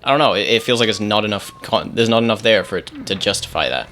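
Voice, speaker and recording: Fast-talking young man in a gaming chat. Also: on the low side, pushed and bright. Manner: fast, rambling, stumbles and restarts often. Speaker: let's play co-host.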